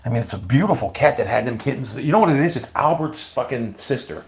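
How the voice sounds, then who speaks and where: A middle-aged man talking in a casual, rambling monologue, blunt and full of swearing, often sinking to a low mutter. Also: expressive, quick pace. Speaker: vlogger.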